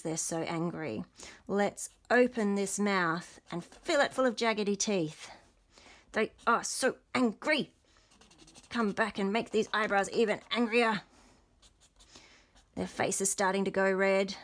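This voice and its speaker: A young adult woman walks through a drawing lesson at an unhurried pace. Her voice carries a noticeable gravelly fry. She explains each step gently and encouragingly as she sketches. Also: mid-range voice. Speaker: illustrator leading a workshop. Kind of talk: drawing tutorial for teachers.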